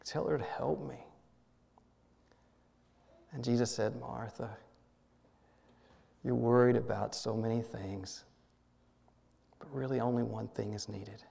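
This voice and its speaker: Soft-spoken gravelly minister in a reverberant church. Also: male voice, mid-range voice, fairly even intonation. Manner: halting, gentle, repeats words, drops to a soft hush. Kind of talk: guided prayer meditation. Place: church sanctuary.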